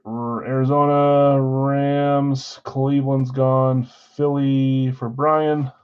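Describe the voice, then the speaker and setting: A man's voice: mid-range voice, flat delivery, very slow, clear, resonant tone, highs cut off. A man hosting a live card break stream, reeling off names and teams in a casual, friendly roll-call and mumbling his asides. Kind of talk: casual livestream chat reading team picks.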